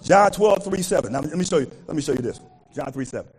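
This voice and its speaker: A man's voice: fairly high pitch, fast, breathy edge, low-quality recording. A man preaching a call-and-response sermon as pastor, repeatedly asking the congregation to finish his words. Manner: animated preaching, asks congregation to fill in words.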